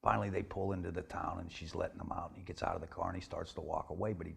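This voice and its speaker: A man's voice: deep voice, flat delivery, rapid-fire, vocal fry, a bit bright, slightly rough. A man retelling a film plot in a casual, plain way, with frequent "he says" and "she says" tags. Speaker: storyteller pitching a film plot. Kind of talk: casual spoken film pitch.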